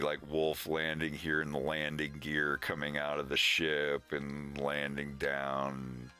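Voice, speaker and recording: A man's voice: deep voice, bright, forceful tone. A man in casual stream chat, rambling and laughing often as he talks through his cartoon. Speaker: animator streaming.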